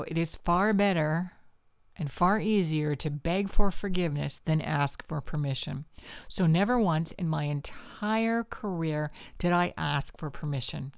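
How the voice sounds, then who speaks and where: A woman's voice: low-pitched, measured pace, gravelly, smooth, dry recording, studio quality. A Canadian woman in her fifties hosting a podcast, talking in a punchy, provocative, conversational way. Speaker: podcast host. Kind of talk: solo podcast monologue.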